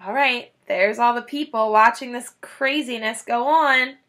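Woman teacher, storybook read-aloud, sharp bright tone, somewhat high, expressive. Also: measured pace. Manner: expressive storytelling, jumps high for quoted characters; adds brief chatty asides to listeners. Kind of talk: reading a children's book aloud.

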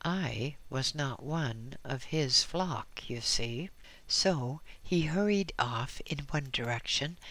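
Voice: mid-range voice, a bit bright, dry recording. A reader narrating a first-person memoir with dry, wry asides. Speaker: audiobook reader.

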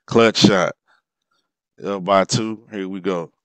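Excitable man with a smooth low voice. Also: takes it slowly, dry recording. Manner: animated, exclaims and laughs over plays. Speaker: sports commentator. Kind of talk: casual replay commentary.

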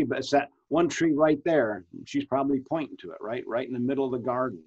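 Over dull lo-fi video call audio, a pastor in his fifties leads Bible study conversationally, asking questions and often restarting what he says. His medium-pitched voice is a little mellow with a breathy edge, and he talks a little fast with hardly any pauses.

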